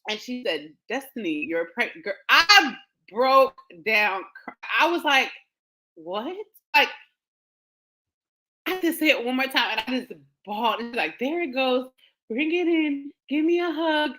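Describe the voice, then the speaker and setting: A woman hosting a show, telling a personal story in a casual, animated way with frequent laughter. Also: high voice, unhurried, poor audio. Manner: animated, laughing often, quotes others in dialogue. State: emotional, near tears. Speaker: podcast host.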